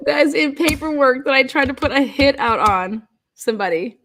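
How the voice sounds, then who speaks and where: Here she sounds high and a bit bright, with lively intonation at normal speed. The online commentator chats through her stories, swearing freely, laughing often, and peppering everything with "like."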